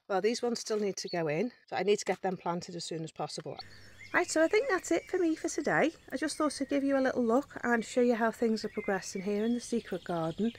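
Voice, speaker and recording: A woman giving a casual, chatty walk-around garden tour, explaining her methods step by step and a bit out of breath. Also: mid-range voice. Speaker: gardening vlogger. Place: outdoor garden and polytunnel.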